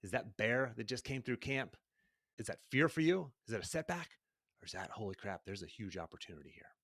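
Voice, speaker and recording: Conversational male podcast host, low voice. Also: fairly quick, no room sound, clean studio sound. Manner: energetic, conversational, rhetorical questions, says "right?" often. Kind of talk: solo podcast monologue.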